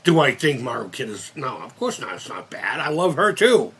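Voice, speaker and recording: A man's voice: mid-range voice, sing-song, a little fast, fairly bright tone, breathy edge. A man of fifty hosting a casual live-stream chat, rambling and cursing with many restarts. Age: 50s. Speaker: channel host.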